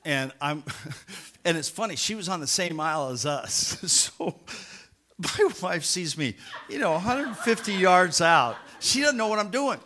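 A man's voice: high-pitched, unhurried. A man, a pastor, telling a funny anecdote during a sermon and laughing at himself as he goes. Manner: animated, self-mocking storyteller who laughs at himself.

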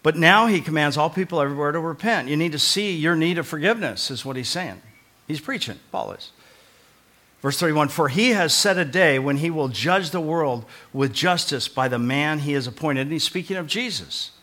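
Bright-voiced man preaching with emphatic swings. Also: fairly high pitch, animated, normal speed. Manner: emphatic, swings from loud proclaiming to quiet earnest pleading; conversational, repeats short phrases for emphasis. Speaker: pastor. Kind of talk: sermon.

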